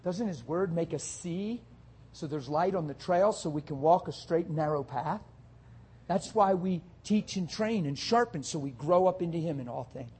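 A male pastor preaching a sermon, dropping soft and low at times and building to loud, rapid rhetorical questions. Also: expressive, breathy edge. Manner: swings from soft and low to loud, high-pitched exhortation.

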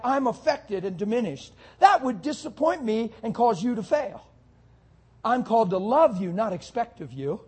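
Male preacher, high-pitched and husky, fervent sermon delivery. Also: big pitch swings, normal speed.

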